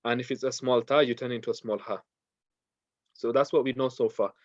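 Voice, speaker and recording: Male recitation teacher: steady, repeats each step, mid pitch, dry and slightly muffled audio. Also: fairly quick, dry recording. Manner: patient, repeats steps, recites verses in Arabic. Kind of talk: online class lesson.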